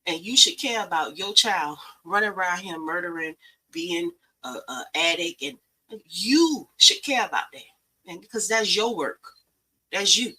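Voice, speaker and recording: Blunt, bright-voiced woman lecturing listeners. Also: lowish voice, expressive, measured pace, husky, low-quality recording. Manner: blunt, profane, emphatic. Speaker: podcast host. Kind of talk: preachy motivational talk.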